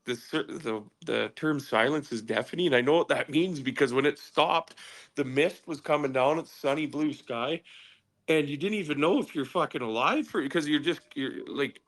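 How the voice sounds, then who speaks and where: A man's voice: fairly high pitch, moderate pace, a bit bright. A man from British Columbia, a podcast guest telling a story in casual, profane talk and acting out sounds and quotes. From British Columbia, Canada.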